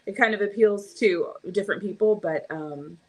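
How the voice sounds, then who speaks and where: A woman's voice: mid-range voice, normal speed. Casual Californian woman co-host, chatty and giggly, mid-range voice. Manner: chatty, rambling, laughs often. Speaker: streamer and podcast co-host. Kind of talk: casual chat.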